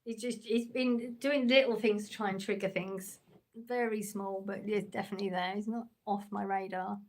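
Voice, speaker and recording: A woman's voice: medium pitch, fairly even intonation, normal speed, a little mellow. A woman with an English accent, chatting casually on a livestream while reading out comments, hesitant and laid-back with many ums. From England.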